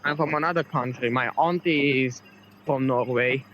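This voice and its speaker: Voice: medium pitch, normal speed, muffled recording, a little hiss or hum. A playful friend on voice chat, joking about doing accents while gaming.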